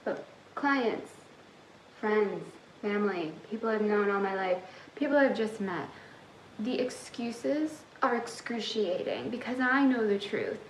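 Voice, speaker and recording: A woman's voice: mid-range voice, animated, measured pace, roomy sound, a little hiss or hum, rough recording. A young woman who coaches manifestation, giving a sassy, tough-love motivational talk straight to her viewers.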